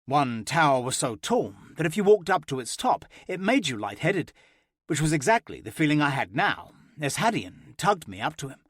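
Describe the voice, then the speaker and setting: Expressive male audiobook narrator. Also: on the high side, no echo, studio quality. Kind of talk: first-person romance audiobook narration.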